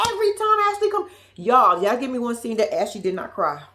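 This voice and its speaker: Sassy woman w/ ranting thru a reality tv recap, voice bouncing all over, kinda high. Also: fairly quick, slight background noise. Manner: blunt, profane, animated storytelling with mock quotes. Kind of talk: casual reality show recap.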